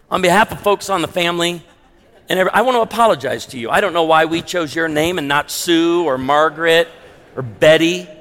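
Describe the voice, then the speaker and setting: A man preaching a sermon as a pastor, animated, moving between hushed emphasis and loud punchy lines. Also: high-pitched. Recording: long reverb of a large hall.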